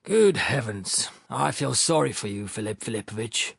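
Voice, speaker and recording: A man's voice: mid-range voice, expressive, normal speed, creaky, slightly rough, no room sound, clean studio sound. A man voicing a deferential male porter, polite and apologetic yet emphatic.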